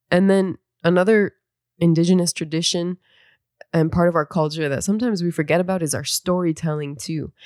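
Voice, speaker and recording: A young mother gives a reflective, earnest, and encouraging talk about raising her baby with cultural traditions. Her voice is low-pitched and a little mellow, recorded with clean studio sound and no room sound.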